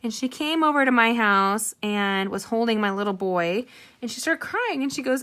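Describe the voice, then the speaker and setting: A woman's voice: on the high side, animated, normal speed, pushed and bright. A middle-aged woman hosting a casual live card-making tutorial, chatty and rambling with personal asides.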